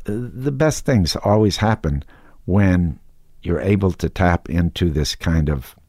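A man talking casually as an actor guest in an interview, halting, with many restarts and fillers. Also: sits low, lively intonation, a little mellow, no room sound, clean studio sound.

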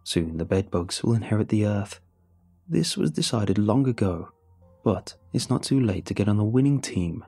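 Man doing a calm cult boss, coaxing, low, husky, dark tone. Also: normal speed, faint music behind. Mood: calmly menacing. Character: calm persuasive male bug-cult boss.

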